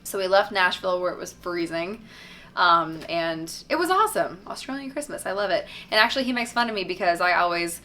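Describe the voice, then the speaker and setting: At a moderate pace, the Tennessee singer reads and answers fan questions in a casual, upbeat session loaded with "um" and "like." Her fairly low voice comes across bright, animated and forceful, with slight background noise.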